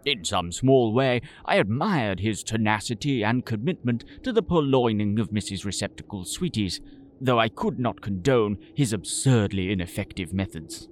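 Low-voiced man in pompous storytelling. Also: expressive, moderate pace, a little hiss or hum. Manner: pompous, florid Victorian gentleman's tone. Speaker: storyteller and sole voice actor. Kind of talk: scripted audio drama narration.

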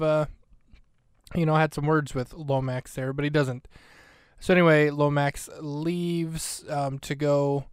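A male podcast host with a smooth, resonant voice. He rambles through a film recap in a loose, joking way. The recording is dry and close, with almost no room sound. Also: medium pitch, no room sound. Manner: joking, rambling, self-interrupting. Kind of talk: casual comedic podcast commentary.

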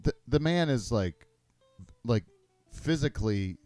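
A middle-aged man hosting a crude casual podcast chat, rambling and halting with many fillers and restarts. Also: medium pitch, expressive, a little mellow, no room sound, faint music behind. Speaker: podcast host.

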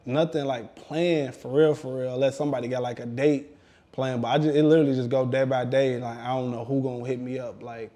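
A man's voice: medium pitch, fairly quick. A man in his thirties, an interview guest, chatting casually and rambling with lots of fillers while getting used to new dental work in his mouth. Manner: relaxed, rambling, heavy use of "like". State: talking around brand-new dental work. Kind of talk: casual chat.

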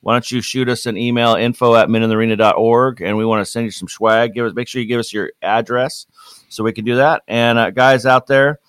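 Smooth-voiced easygoing podcast co-host man. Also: medium pitch, steady tone, a little fast, fairly bright tone, no echo, clean studio sound. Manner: easygoing, friendly, with fillers. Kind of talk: casual podcast chat.

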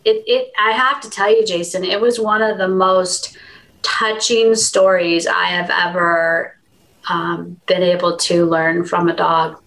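A woman guest on a podcast, talking earnestly and warmly about her work as an animal communicator in a relaxed interview. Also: on the low side, unhurried, low-quality recording. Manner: earnest, heartfelt storytelling. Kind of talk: conversational interview.

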